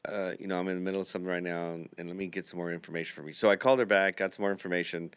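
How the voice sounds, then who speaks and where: Low smooth guy telling a long rambly story on a podcast, dry sound. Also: steady tone, rapid-fire, a bit bright, dry recording. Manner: rambling anecdotal storytelling with quoted dialogue. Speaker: podcast host, dental builder. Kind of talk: casual storytelling chat.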